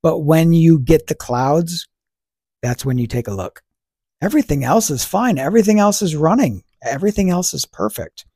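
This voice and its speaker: A man's voice: on the high side, expressive, moderate pace, dark tone, slightly rough, no echo, studio quality. A man hosting a podcast, talking through ideas in a casual, reflective monologue, posing rhetorical questions and answering them himself. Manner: conversational, fillers like "you know" and "right". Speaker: podcast host.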